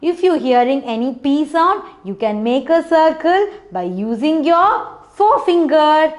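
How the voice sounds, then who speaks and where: A woman's voice: high voice, big pitch swings, unhurried. A young woman with an Indian English accent teaching phonics to small children, patient and encouraging, breaking into short sing-song chants.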